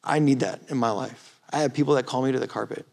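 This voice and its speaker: A man preaching a youth ministry sermon, rising from quiet storytelling to impassioned, emphatic exhortation. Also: mid-range voice, quick pace, gravelly. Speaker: youth pastor. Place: church or youth hall.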